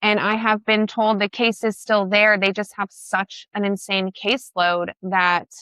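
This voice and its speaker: A woman tells her story with blunt, emotional emphasis and the odd swear word. Her voice is bright and forceful. The sound is close and dry, with no room in it. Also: mid-range voice, little pitch movement, measured pace, clean tone, no room sound. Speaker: guest. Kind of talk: personal storytelling in conversation.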